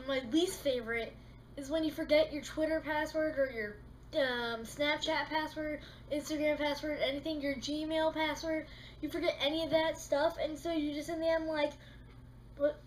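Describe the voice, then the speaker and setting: A woman vlogger in a casual comedic monologue, talking in an animated way and acting out little scenes with exasperated rants. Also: high voice, moderate pace, slight background noise, poor audio.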